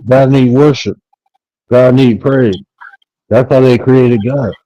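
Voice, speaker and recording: A man's voice: mid-range voice, steady tone, takes it slowly, warm tone, no room sound, poor audio. A man who hosts his own podcast, talking bluntly in a casual panel chat with informal grammar.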